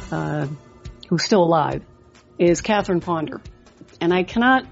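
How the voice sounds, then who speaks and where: A woman's voice: medium pitch, a little mellow, dull audio. Earnest middle-aged woman podcast host. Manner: earnest storytelling, frequent "you know" fillers. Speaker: trading coach and podcast host. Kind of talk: motivational podcast talk.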